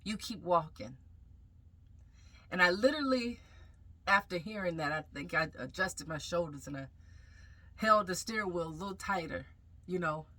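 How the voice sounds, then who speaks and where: A woman with a bright, clear voice that sits slightly low, telling a deeply personal story. She speaks reflectively and haltingly, stopping often to gather her thoughts. Her tone is intimate and earnest, like a vlog confession. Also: animated. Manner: reflective, halting, with frequent pauses and fillers. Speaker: vlogger sharing a personal testimony.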